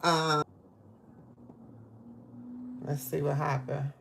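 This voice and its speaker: A woman's voice: low voice, flat delivery, extremely slow, creaky, slight background noise. A woman hosting a casual live cooking stream in her home kitchen, chatting to viewers and calling them "baby" and "y'all". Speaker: livestream host.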